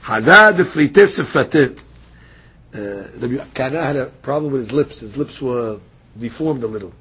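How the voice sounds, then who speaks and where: A man teaching a daily Talmud class, reading passages aloud and retelling them as a lively story. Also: medium pitch, fairly quick, slight background noise. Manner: lively storytelling, reads Aramaic then explains in English.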